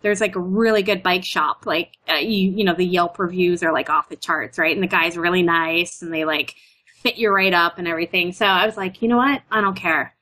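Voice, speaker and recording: A woman's voice: lowish voice, a little fast. A Canadian woman chatting casually, full of "like" and "you know", acting out her own stories. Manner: chatty, lots of "like" and "you know", animated retellings. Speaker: guest. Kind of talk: casual chat.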